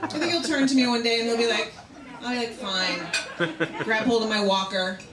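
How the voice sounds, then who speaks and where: A woman in her thirties doing a stand-up comedy set in a bar, telling bawdy stories with animated, acted-out quotes. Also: a little high, fast. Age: 30s. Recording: echoey club with loud noise. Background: audience laughter.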